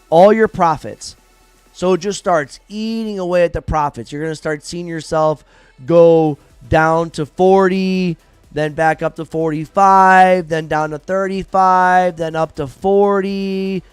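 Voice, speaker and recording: A man hosting a live trading stream, explaining trades in a blunt, profane, animated way and acting out traders' reactions. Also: high voice, clear, resonant tone, dry recording. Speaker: trading livestream host.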